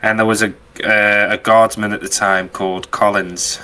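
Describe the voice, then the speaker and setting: A man's voice: on the low side, level tone, moderate pace, sharp tone, clear, resonant tone. A man hosting a podcast, telling anecdotes in casual chat and acting out the quotes. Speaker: podcast host.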